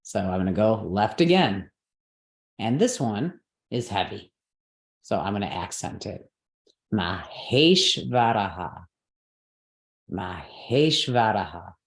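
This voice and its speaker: A woman teaching a live class, explaining step by step, checking that her students follow, and correcting her own slips out loud. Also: a bass voice, sing-song, a little slow, pauses often, roomy sound. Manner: patient, step-by-step explaining with frequent checks for understanding.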